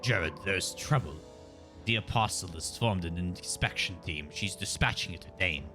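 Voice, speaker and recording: A man voicing a scheming older noble who speaks slowly and gravely. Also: bright, forceful tone, faint music behind. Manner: slow, low, conspiratorial reading.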